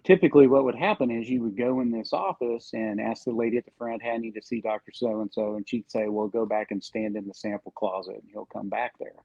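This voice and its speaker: Gravelly-voiced man telling a story. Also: fairly low pitch, fairly quick, few pauses, dry recording, muffled recording. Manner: animated storyteller, acts out quoted lines. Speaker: podcast co-host telling a sales story. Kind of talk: casual storytelling.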